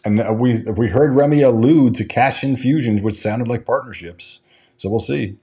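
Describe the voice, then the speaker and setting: A man hosts a casual stock market livestream and talks off the cuff. His sentences stall and restart, thick with fillers, as he reads viewer comments aloud and answers them. His voice sits at an ordinary middle pitch. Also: moderate pace, mellow. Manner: rambling, with frequent restarts and fillers. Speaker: stock market show host.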